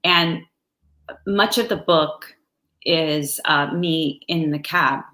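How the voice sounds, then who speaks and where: Woman, reflective storyteller, slow, halting, bright tone, roomy echo. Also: low voice. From United States. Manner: slow, soft-spoken and halting. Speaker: guest. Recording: echoey room.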